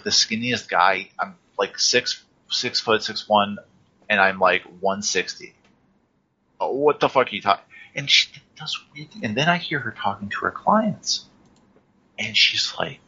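Gravelly, deep-voiced young man. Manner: rambling, profane, excitable, says "dude" often. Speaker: podcast host. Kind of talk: casual storytelling. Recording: dull lo-fi recording.

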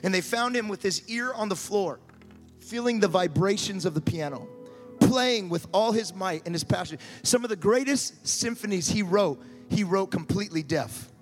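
A high-voiced man preaches with mounting fervor, often repeating his words as he builds toward shouted appeals. Faint music sits under his voice. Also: animated, normal speed, in a large hall. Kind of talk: sermon.

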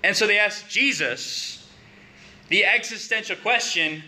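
A man's voice: a little high, big pitch swings, unhurried, sharp tone. A man preaching a conversational sermon, building to emphatic questions.

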